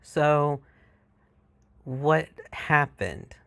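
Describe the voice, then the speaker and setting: Gravelly irreverent man vlogging. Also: on the high side, lively intonation, drawn-out words, a bit bright. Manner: irreverent, profane, retelling stories with mock voices. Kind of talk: casual chat.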